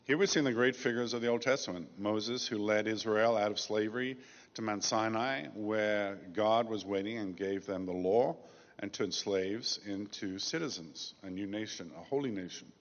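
Low-voiced male preacher in a reverberant space. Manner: measured, with emphatic slow phrases. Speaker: pastor. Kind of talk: sermon. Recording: dull lo-fi sound with long reverb.

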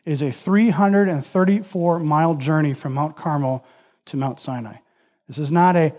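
A man's voice: fairly high pitch, normal speed, darkish tone. A man preaching a sermon in an earnest, emphatic way.

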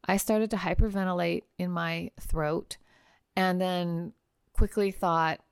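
A woman hosting a podcast, telling a personal travel story in a chatty, animated way with casual fillers. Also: lowish voice, slow, clear, resonant tone, no room sound, studio quality. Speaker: podcast host and trial lawyer.

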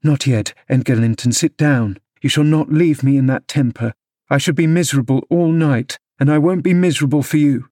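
A man reading an audiobook, voicing a fiery, spoiled young woman with shrill, imperious outbursts. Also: normal speed, mellow, dry recording, studio quality, natural voice. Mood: demanding.

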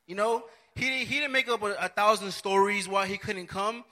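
A man's voice: sits high, normal speed, bright, forceful tone. A man preaching a sermon, earnest and repetitive, often restarting his phrases.

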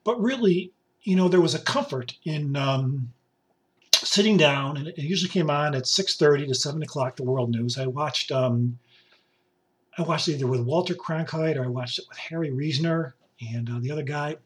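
A man in his sixties, hoarse and raspy from a cough, hosting a rambling, jokey solo podcast from a basement home studio. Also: a little high, normal speed. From upstate New York. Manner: rambling, jokey, with many fillers and asides. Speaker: podcast host.

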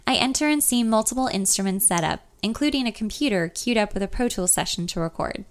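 A woman narrating a first-person audiobook in a calm, reflective way. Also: medium pitch, fast.

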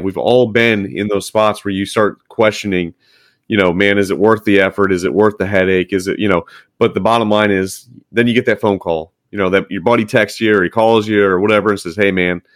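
Man, firefighter, low-pitched, encouraging podcast chat, dry close sound. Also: fairly even intonation, a little fast, no echo. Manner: earnest, encouraging, many restarts.

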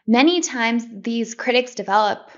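A woman with a slightly high voice talks through a self-help topic in a relaxed podcast monologue. She speaks in a loose, conversational way, doubling words and restarting sentences as she goes. The recording sounds a little dull and lo-fi. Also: a little slow.

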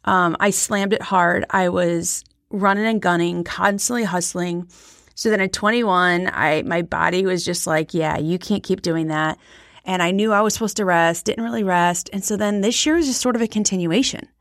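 A woman's voice: medium pitch, moderate pace, dry recording, studio quality. A woman in her forties hosting her own podcast, talking frankly and chattily in a rambling, unscripted way. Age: 40s. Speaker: podcast host. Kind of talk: casual solo podcast chat.

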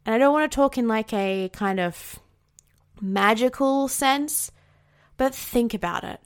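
A woman's voice: fairly high pitch, unhurried, clean tone. An Australian woman hosting a casual solo podcast, bubbly and outspoken, swearing freely, with rising inflections at the ends of her sentences. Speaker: podcast host.

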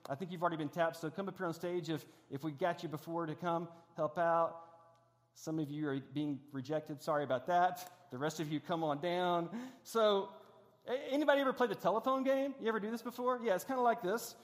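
A middle-aged pastor preaches in a large church while running a demonstration on stage. He speaks conversationally, with self-deprecating humor and frequent restarts. His voice is high-pitched and brisk, and long hall reverb fills the recording.

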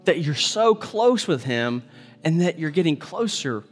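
A male pastor preaching a sermon, animated, acting out quoted voices and dropping to soft, tender tones. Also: on the high side, measured pace, loud music behind the voice.

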